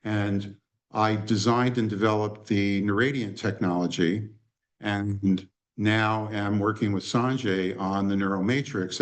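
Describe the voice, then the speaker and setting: A man presenting at a conference workshop, telling an anecdote in an animated way and acting out the dialogue. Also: fairly low pitch.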